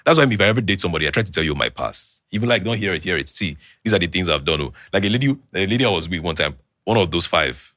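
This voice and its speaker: A young Nigerian man with a deep voice talks very fast, hardly pausing, in a Nigerian English accent. As a guest on a podcast, he recounts a personal story in relaxed chat, animatedly voicing the quoted dialogue, in clean studio sound with no room noise.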